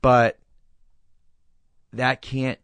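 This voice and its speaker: A man's voice: medium pitch, level tone, very slow, fairly bright tone, smooth, no echo. A man in his thirties, a guest in a casual interview, talking earnestly and reflectively and telling stories with quoted dialogue.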